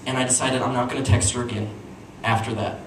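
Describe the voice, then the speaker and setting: A man's voice: little pitch movement, fast talker. Young man telling a stand-up story in an echoey room. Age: young adult. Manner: self-deprecating, acts out quotes with playful pitch jumps. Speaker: stand-up comedian. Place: small venue with audience. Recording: echoey room, distant mic, audience noise.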